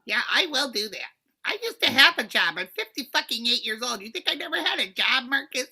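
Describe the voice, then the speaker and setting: Casting: woman as scatterbrained fifty-something neighbor, bright lively high voice, emphatic. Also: a little fast, slightly rough, heavily acted. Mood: scheming, flighty. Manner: emphatic, scattered, swoops up in pitch. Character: brash 58-year-old woman neighbor Karen, scheming and flighty. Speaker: improv performer. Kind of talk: improvised comedy scene.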